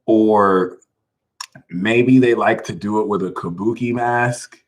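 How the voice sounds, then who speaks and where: A man's voice: lowish voice, takes it slowly, rough recording. A man hosting a casual livestream, talking animatedly, laughing a lot and reading viewers' names from the chat. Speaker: livestream host.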